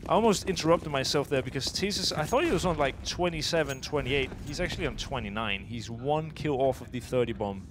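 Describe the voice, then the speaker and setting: A man's voice: mid-range voice, lively intonation, a little fast, few pauses, background noise. Chatty man commenting a live esports match. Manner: chatty, laughs easily, thinks aloud mid-sentence.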